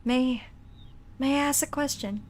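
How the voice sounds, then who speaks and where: A woman's voice: high voice, measured pace, slight background noise. A woman voicing a nervous, flustered male incubus who flirts awkwardly in a nerdy, stammering way, for a game.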